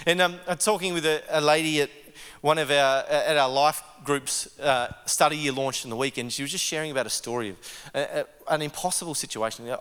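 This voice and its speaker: Bright high-voiced male pastor, reverberant hall. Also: a little fast, smooth. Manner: earnest, stumbles and repeats words. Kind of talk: conversational sermon. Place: church service.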